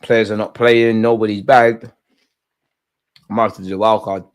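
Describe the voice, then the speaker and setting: A man's voice: fairly low pitch, little pitch movement, unhurried, clean tone. A young man hosting a live football watch-along, talking in rambling, opinionated banter. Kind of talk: casual live match commentary.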